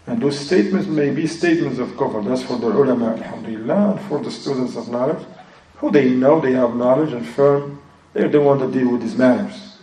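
A man with a dark, mid-range voice gives a religious lesson, explaining a text in English with a non-native accent and often switching to Arabic phrases and recitation. As an Islamic teacher, he sounds distant in an echoey space.

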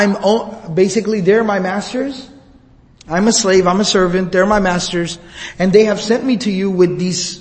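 A man's voice: sits high, natural voice. A man telling as Addas, an astonished servant. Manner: halting, repeats himself when excited. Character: Addas, adult male servant, astonished, earnest. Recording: long hall reverb.

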